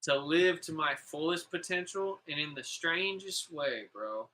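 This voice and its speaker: A man's voice: a little high, a little slow, sharp tone, poor audio. A man hosting a podcast, telling stories in a loose, casual way, swearing freely and filling his talk with "like" and "you know". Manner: laid-back, profane, calls people "bro"; rambling, full of "like" and "you know". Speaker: podcast host. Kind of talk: casual storytelling chat.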